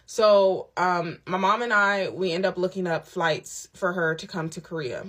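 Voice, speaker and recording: A woman telling her own story in a casual storytime monologue, candid and emphatic, with quick asides. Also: fairly low pitch, a bit bright. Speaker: storyteller recounting a personal ordeal. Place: lives on a military base abroad.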